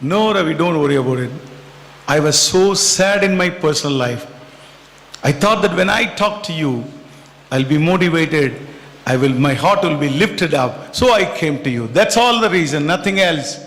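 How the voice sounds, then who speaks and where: A preacher doing a sad tall coworker confiding. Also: male voice, a little high, expressive, normal speed, a bit bright, pitched below the performer's own voice. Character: sad, tall male office worker confiding. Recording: echoey hall.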